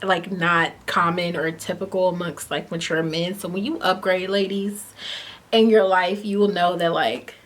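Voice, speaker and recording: A woman's voice: fairly low pitch, normal speed. A woman in her twenties telling a casual storytime in a chatty way, filling her talk with "like" as she retells a bad date. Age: 20s. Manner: chatty, many "like" fillers, lively retelling. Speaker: vlogger.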